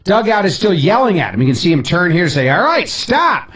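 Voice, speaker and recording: A man's voice: fairly high pitch, fast, echoey room, far from the mic. A man hosting a show, casually walking through a baseball clip with jokes and put-on voices. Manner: animated, joking, slips into voices. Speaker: podcast host.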